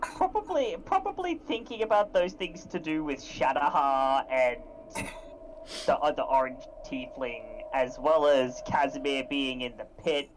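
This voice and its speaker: Low-voiced woman player, halting. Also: animated, slight background noise, low-quality recording. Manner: casual, halting. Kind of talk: tabletop game talk.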